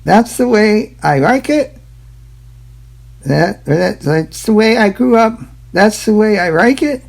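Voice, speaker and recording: A man puts on a high, sing-song mock Chinese accent, clumsy enough to slip toward German. The impression is deliberately bad and jokey, with a gravelly, husky grain showing through. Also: lively intonation, heavily acted. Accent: mock Chinese, clumsy and partly German-sounding. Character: man in a broad, exaggerated put-on accent.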